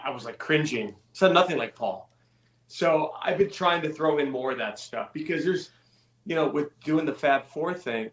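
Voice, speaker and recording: A man from California, a musician guest telling stories in a relaxed, self-deprecating way. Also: medium pitch. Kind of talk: casual interview chat. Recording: echoey room.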